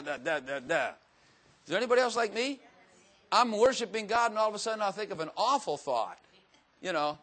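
Man, casual Bible teaching, folksy, self-mocking, slightly high voice. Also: a bit bright. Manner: folksy, chatty, self-mocking, asks the audience questions. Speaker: teacher or preacher.

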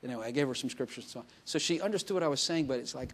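A man preaching in a relaxed, conversational way, as if telling a story to friends. He slips into quoted voices and laughs now and then, with a mid-pitched voice. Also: racing, hardly any pauses. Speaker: pastor. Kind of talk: sermon.

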